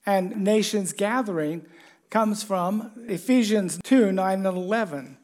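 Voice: mid-range voice, unhurried, a little mellow. A pastor giving a conversational sermon, chatty and joking, putting questions to the congregation.

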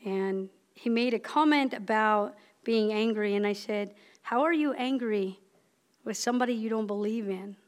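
A woman's voice: fairly high pitch, normal speed. A woman in her fifties preaching a personal, conversational sermon in a church, building up with emphatic repeated lines. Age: 50s. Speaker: lay preacher. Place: church sanctuary.

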